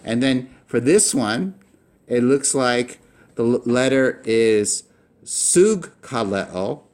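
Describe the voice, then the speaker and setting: A male teacher walks through a language lesson at an unhurried, deliberate pace, his voice sitting in an ordinary middle pitch. He stops and restarts often, filling gaps with "um" and "uh." He stretches out each example word so the learner can hear it clearly. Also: steady tone. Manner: patient, halting explanation with frequent fillers and restarts; slows down to sound out words carefully. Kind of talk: recorded lesson at a whiteboard.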